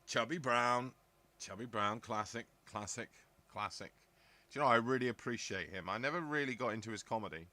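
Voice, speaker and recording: With a mid-range, bright and forceful voice at a fairly quick pace, a middle-aged man from southern England rambles through casual live-chat talk, thinking aloud as he responds to viewer comments on his stream.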